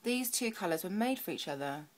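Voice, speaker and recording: A young beauty vlogger chats through a makeup tutorial, talking to herself and softly murmuring as she works. Her mid-range voice is expressive and a little fast.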